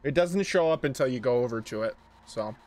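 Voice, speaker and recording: A man's voice: mid-range voice, lively intonation, a little fast, darkish tone. A man streaming a car game live, chatting casually with his viewers, swearing and joking a lot. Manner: profane, joking, talks to chat. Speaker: livestream gamer. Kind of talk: casual gaming livestream commentary.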